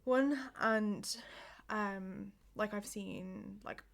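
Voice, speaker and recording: A woman's voice: medium pitch, extremely slow, creaky, fairly bright tone. A woman co-hosting a podcast, chatting casually and rambling with many "like"s and "um"s. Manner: rambling, full of "like" and "um". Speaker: podcast co-host. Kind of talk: casual chat.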